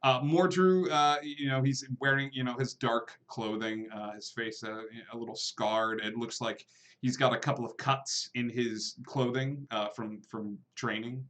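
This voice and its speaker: A man's voice: mid-range voice, fairly even intonation, unhurried, fairly bright tone. A man narrating as game master of a tabletop role-playing game, talking casually with many fillers and lightly voicing the characters he plays.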